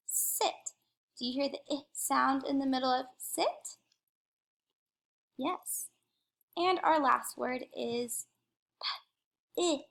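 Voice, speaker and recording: Slow, careful woman teaching phonics. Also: sits high, vocal fry. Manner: slow, careful modeling of sounds. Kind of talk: recorded phonics lesson.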